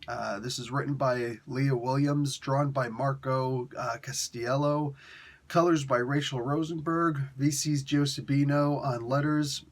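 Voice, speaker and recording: A man's voice: mid-range voice, fairly even intonation, a little slow. A man giving a casual, rambling spoken review of a comic book, chuckling often and correcting himself as he goes. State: in pain.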